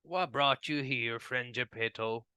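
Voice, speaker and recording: A man voicing a surly, stubborn old carpenter with a gruff manner. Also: mid-range voice, measured pace, bright, forceful tone, no echo, voice pushed down.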